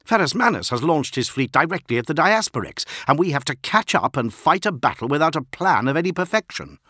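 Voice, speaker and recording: A man's voice: fairly low pitch, moderate pace, slightly rough, no room sound, studio quality. A man voicing a tense, snappish warrior. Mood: agitated. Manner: snapping, loud outbursts. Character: tense, angry male warrior officer.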